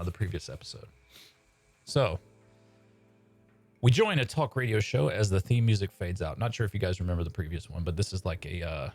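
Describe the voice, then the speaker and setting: Hesitant low-voiced man. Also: darkish tone. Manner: hesitant, many fillers. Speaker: sketch writer and stream host. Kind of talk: casual live-stream chat.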